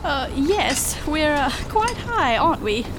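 An actress playing a prim, proper park ranger. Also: female voice, sits high, very animated, slow, noisy background, heavily acted.

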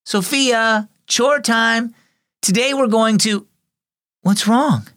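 A caring aunt from a storybook, speaking gently and reassuringly to her niece. A man reads her on a dry, close mic. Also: very high voice, takes it slowly, dry recording, voice pushed up, exaggerated voice. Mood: gentle.

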